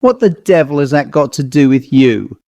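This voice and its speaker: A man voicing a haunted, irritable gentleman who talks fiercely and demandingly. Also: mid-range voice, lively intonation, normal speed, dry recording, lightly acted. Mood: angry.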